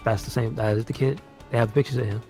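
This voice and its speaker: A man's voice: medium pitch, fairly even intonation, fast, mellow, soft background music. A man co-hosting a podcast, chatting casually about a movie and reading out its cast with lots of fillers. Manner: rambling, reads out cast lists with fillers. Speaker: podcast co-host. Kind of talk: casual movie review chat.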